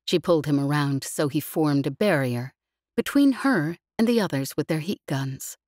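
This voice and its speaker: A woman narrates an audiobook in a low voice with steady, even storytelling. The recording is close and dry, with no room sound. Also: moderate pace, no room sound. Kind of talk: scripted narration.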